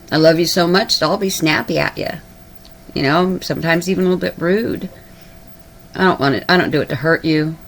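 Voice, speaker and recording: A woman delivers an urgent, tearful address to her viewers. Her voice sits a little low, and she preaches with emotional repetition. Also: gravelly, a little hiss or hum. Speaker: online video preacher.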